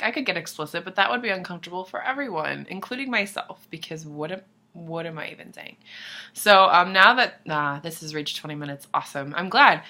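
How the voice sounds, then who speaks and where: A woman's voice: mid-range voice, pushed and bright. A young woman vlogger chatting casually to camera, rambling and swearing, apologizing and dropping into asides. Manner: rambling, profane, self-deprecating, drops into whispers.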